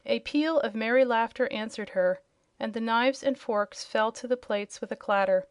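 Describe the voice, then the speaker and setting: A woman narrating a children's audiobook chapter in a clear, steady storytelling voice. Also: on the high side, normal speed, no room sound, clean studio sound.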